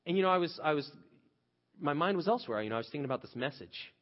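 A man's voice: a little high, animated, very fast. A man in his thirties preaching a sermon conversationally, telling a story about his own family and restarting phrases often. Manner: conversational storytelling with frequent restarts, rising loud when quoting himself. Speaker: pastor. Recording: dull lo-fi sound with long hall reverb.

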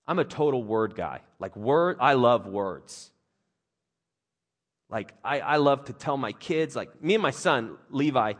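A man in his thirties delivers a casual, conversational sermon. His pitch leaps up and down as he jokes and mimics others, then settles back to plain teaching. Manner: animated, conversational, jokey, with playful voices for others. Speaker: pastor.

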